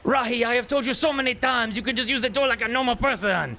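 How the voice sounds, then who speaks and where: A man voicing a flustered, panicky young male nobleman who stammers in a raised, high-strung voice. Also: fast, pushed and bright, heavily acted. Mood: exasperated.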